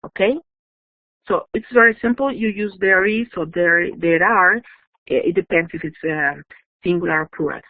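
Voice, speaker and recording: A woman teaching English in a recorded online lesson, her plain in every phrase. She explains slowly and patiently, checking in with quick questions. The sound is dry and thin, like a voice over a phone line. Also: fairly low pitch, no echo. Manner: patient, repeats checks like "yes?" and "okay?".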